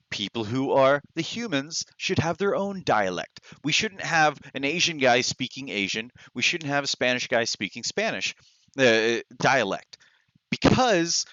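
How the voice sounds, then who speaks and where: A man's voice: medium pitch, fairly bright tone, no echo, muffled recording. A man reviewing a movie in a blunt, exasperated rant, full of restarts and fillers. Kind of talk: ranting movie review vlog.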